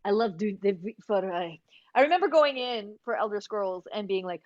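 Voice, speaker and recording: A woman's voice: mid-range voice, moderate pace, dry recording, lo-fi sound. A woman voice actor as a guest on a casual interview, talking animatedly and joking. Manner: animated, jokey, slips into accents. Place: home, remote call.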